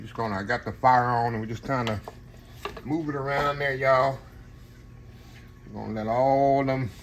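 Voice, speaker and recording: A man's voice: medium pitch, fairly bright tone, slight background noise. An older man hosting a home cooking video, chatting casually and folksy with viewers as he cooks in his kitchen. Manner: folksy, talks to viewers as y'all. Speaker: home cooking channel host.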